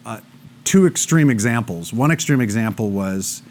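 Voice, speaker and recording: Animated man telling sales stories. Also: mid-range voice, normal speed, slight background noise. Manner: animated storytelling, acting out both sides of dialogues. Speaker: speaker. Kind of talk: live talk to an audience.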